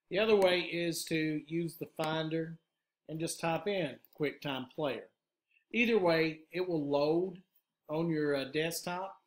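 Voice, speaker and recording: Patient male teacher, fairly high voice. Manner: patient step-by-step instruction, frequent "uh" fillers. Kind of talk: screen-recorded software tutorial.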